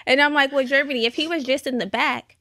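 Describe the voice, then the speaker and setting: A woman co-hosting a podcast, teasing her co-host in quick banter. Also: sits high, fairly even intonation, sharp tone, dry recording, studio quality. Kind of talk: casual chat.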